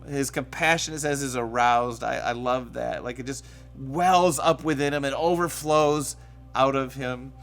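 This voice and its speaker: A man preaching a sermon in a conversational way, sometimes acting out quoted voices with sudden loud bursts. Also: medium pitch, fairly even intonation, measured pace, faint music behind. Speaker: pastor. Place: church stage.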